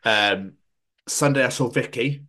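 A man from Scotland, hosting a podcast and telling stories in casual chat, sweary and animated. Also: mid-range voice, measured pace. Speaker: podcast host.

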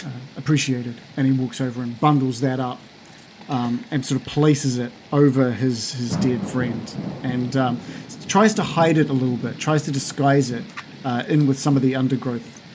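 A man runs a tabletop game as its game master, narrating in a halting way with many fillers. His pitch sits in the middle, and a faint hiss runs behind him. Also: steady tone.

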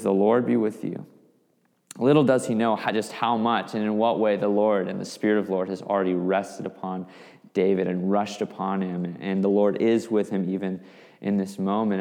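Animated male preacher in a reverberant hall. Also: lowish voice. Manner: animated storytelling, vivid asides. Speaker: pastor. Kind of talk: sermon.

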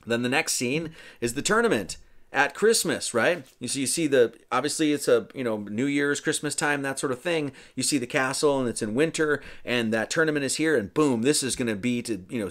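A man giving a casual, rambling film commentary, full of "you know" and "right?". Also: mid-range voice.

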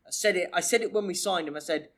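High-voiced, easygoing man. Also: quick pace, a bit bright. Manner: easygoing, agreeable, jokey. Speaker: podcast co-host. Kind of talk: casual football podcast chat.

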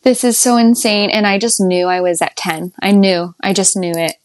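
Sharing her birth story casually as a podcast guest, a young adult woman keeps a steady tone and moderate pace. Laughter comes often, and her pitch shoots up when she quotes her own words.

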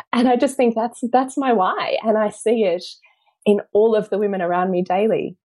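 A woman's voice: mid-range voice, steady tone, moderate pace, dry recording. A woman, a mother of three, sharing personal stories earnestly and emotionally as a podcast guest. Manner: earnest and emotional, with soft laughs. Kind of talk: heartfelt personal storytelling.

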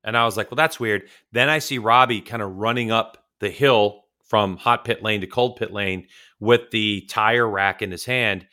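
A man's voice: fairly low pitch, normal speed, bright, forceful tone. A man co-hosting a racing podcast over a remote call, telling long, teasing stories in casual chat. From California. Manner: rambling storyteller, teasing. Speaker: podcast co-host.

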